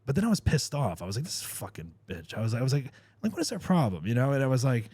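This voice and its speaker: A man's voice: mid-range voice, very animated, rapid-fire, a little mellow, no room sound. A man hosting a podcast, telling a long rambling story full of fillers and swearing. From New Jersey. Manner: rambling, filler-heavy, profane. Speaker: podcast host. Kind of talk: casual storytelling chat.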